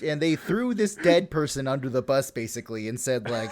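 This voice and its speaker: A man's voice: medium pitch, very animated, fairly quick, hardly any pauses, a little mellow. A man hosting a podcast, casually retelling history with lots of swearing, laughs and fillers. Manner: profane, laughing, full of fillers. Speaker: podcast host.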